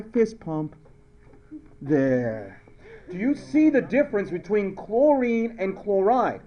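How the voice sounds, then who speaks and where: Guy teaching chemistry in class, jokey storytelling, kinda high voice, dull lo-fi sound. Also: very animated, slow pace. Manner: playful, storytelling, repeating questions. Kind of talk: classroom lecture with jokes.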